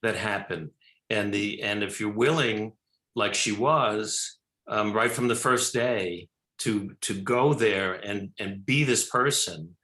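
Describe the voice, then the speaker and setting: Animated older man telling stories. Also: on the low side, takes it slowly, reverberant. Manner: rambling, animated storytelling with frequent restarts. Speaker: film director and actor, guest. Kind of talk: talk show interview.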